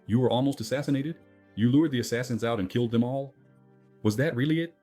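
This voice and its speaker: A man's voice: medium pitch, dark tone, faint music behind, lightly acted. Man doing an incredulous elf. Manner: rapid disbelieving questions. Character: elf in the city, incredulous questioner.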